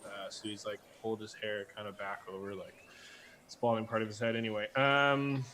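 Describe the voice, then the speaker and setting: A man's voice: fairly low pitch, little pitch movement, fairly quick, pushed and bright, slight background noise. A man running a tabletop game as dungeon master, narrating with many fillers. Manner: rambling, full of fillers.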